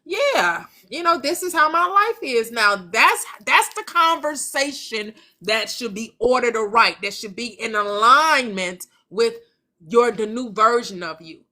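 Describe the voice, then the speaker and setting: Woman host, casual motivational chat, bright tone, acts out little conversations. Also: a little high, animated, measured pace. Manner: chatty, acts out imagined conversations with friends. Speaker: manifestation channel host.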